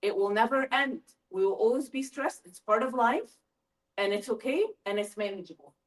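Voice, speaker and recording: A middle-aged woman giving a lively parent workshop talk, asking her audience questions as she goes. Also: on the high side, normal speed. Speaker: school family-engagement presenter. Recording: voice from a distance from the mic.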